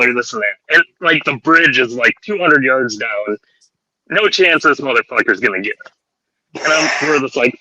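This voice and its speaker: Podcast guy with a really sharp bright voice, swearing a lot, laughing thru his stories. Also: mid-range voice, measured pace, long pauses, rough recording. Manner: profane, rowdy anecdote telling. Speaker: podcast host. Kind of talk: casual storytelling chat.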